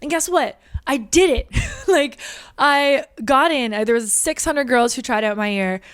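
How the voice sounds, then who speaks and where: Woman vlogger, 30s, from Canada; bright high voice, dry close sound, fired-up and chatty. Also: a little slow, no echo. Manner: emphatic, indignant, laughs often. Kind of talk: casual opinion monologue to camera.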